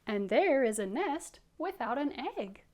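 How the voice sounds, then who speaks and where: A woman's voice: high-pitched, big pitch swings, a little slow, darkish tone. A woman voicing a curious young boy in a picture-book read-aloud, speaking in a wondering tone.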